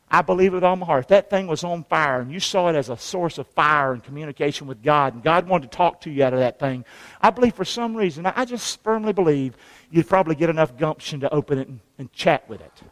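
A man's voice: on the high side, long reverb tail. A man, a pastor preaching a sermon with call-and-response to his congregation. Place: church sanctuary.

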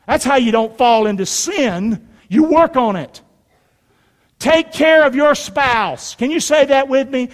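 A man's voice: very high voice, lively intonation, a little slow. A middle-aged male pastor preaching a sermon in a church, folksy and emphatic, pulling the congregation into call and response. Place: church sanctuary. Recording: long hall reverb.

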